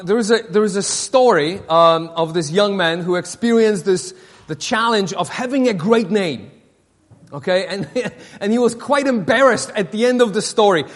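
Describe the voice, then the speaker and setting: High-voiced man preaching in a reverberant hall. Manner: halting, repeats words, many fillers. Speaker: pastor. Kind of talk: sermon.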